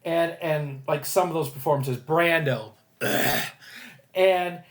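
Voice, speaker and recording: A man's voice: on the high side, slow. A man hosting a casual fan discussion, hesitant and rambling, with crude jokes. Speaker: host of fan ranking discussion. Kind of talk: casual chat.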